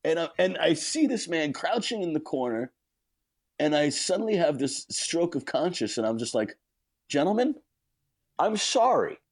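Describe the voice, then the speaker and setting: A man's voice: a little high, animated, normal speed, dry recording. A man, a podcast guest, telling a comic story with big energy, often laughing mid-sentence and acting out the quotes.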